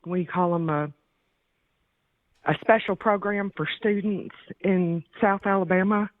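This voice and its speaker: A woman calling in to a radio show, speaking earnestly and haltingly, with polite thanks. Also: mid-range voice, dry recording. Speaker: call-in listener. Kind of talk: phone call to a radio show. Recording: tinny phone line.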